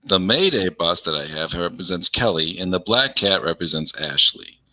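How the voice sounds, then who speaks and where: A man's voice: low voice, animated, moderate pace, sharp tone. A man co-hosting a casual podcast chat, telling a story and reading out a conversation with changed voices. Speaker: podcast co-host.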